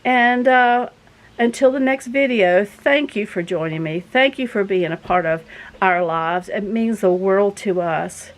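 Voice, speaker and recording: A woman's voice: mid-range voice, unhurried, poor audio. A woman, chatting casually to her viewers in a folksy, rambling, earnest way. She is out of breath after walking in from her garden outdoors. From southern United States. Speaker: vlogger host.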